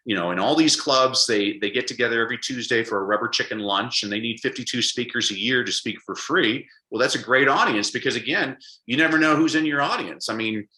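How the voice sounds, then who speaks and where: A man speaking as an interview guest, an animated storyteller who acts out quotes. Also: mid-range voice, brisk, hardly any pauses, roomy sound, rough recording. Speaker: guest, public speaker and coach. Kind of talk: conversational interview.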